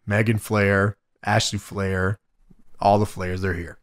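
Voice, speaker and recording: A man co-hosting a podcast, recapping a wrestling show in a casual, profane, excited play-by-play. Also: fairly low pitch, slow, smooth. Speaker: podcast co-host.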